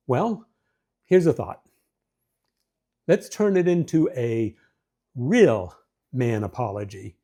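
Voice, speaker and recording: A man's voice: on the high side, creaky, dark tone. A middle-aged man hosting a marriage advice talk, earnest and folksy, poking fun at himself and acting out quotes as he goes. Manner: earnest, folksy, self-deprecating, with restarts and acted-out quotes. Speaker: host of a marriage advice show. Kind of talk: casual talking-to-camera advice.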